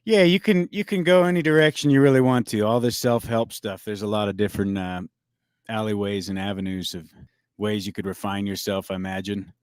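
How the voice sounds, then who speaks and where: A man's voice: lowish voice, fairly even intonation, brisk, smooth, no echo. A man as a guest on a casual livestream talk show, loose and joking with frequent swearing.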